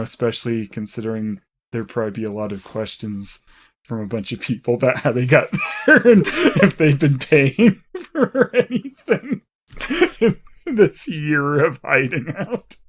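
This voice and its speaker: A man's voice: medium pitch, expressive, moderate pace. A man co-hosting a podcast, making dry joking asides in casual chat about a TV episode. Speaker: podcast co-host.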